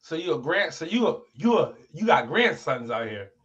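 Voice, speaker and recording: A man's voice: fairly high pitch, sing-song, moderate pace, fairly bright tone, muffled recording. A man co-hosting a casual chat, playfully teasing and heckling the other speaker.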